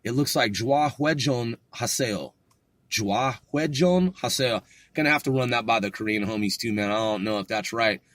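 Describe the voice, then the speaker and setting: A man's voice: mid-range voice, normal speed, a bit bright, no room sound. A man casually going over his study notes, joking and swearing as he sounds words out. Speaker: self-taught learner teaching vocabulary. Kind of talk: casual solo study podcast.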